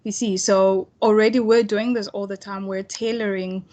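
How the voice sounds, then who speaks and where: A young woman leads an online tutorial, talking to her students in a relaxed, chatty way over a computer microphone. She often restarts her sentences and fills pauses with "um" and "right". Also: medium pitch. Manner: casual, chatty, many fillers and restarts. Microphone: computer mic on video call.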